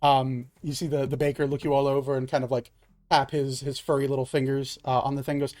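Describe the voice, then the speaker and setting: A man's voice: medium pitch, little pitch movement, fairly quick, darkish tone, no room sound. Man running a tabletop game. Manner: loose, filler-heavy narration. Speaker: game master.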